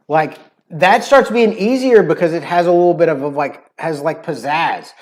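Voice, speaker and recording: Rambling American man, slightly high voice. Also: normal speed. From United States. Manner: rambling, many "like" fillers, playful accent imitations. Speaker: cooking livestream host. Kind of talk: casual chat.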